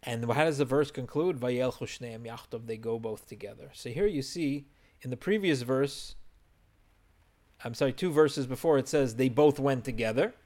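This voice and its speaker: A man's voice: mid-range voice, normal speed, a little mellow. A man teaching a verse-by-verse Torah text study, explaining and translating Hebrew phrases as he goes.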